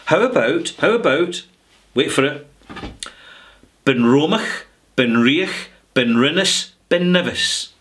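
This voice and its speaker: A middle-aged Scottish man holds forth in a chatty, sarcastic vlog rant. He draws out his words for emphasis. His tone is bright and forward. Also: fairly high pitch, expressive, slow, long pauses. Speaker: whisky vlogger. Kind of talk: casual rant to camera.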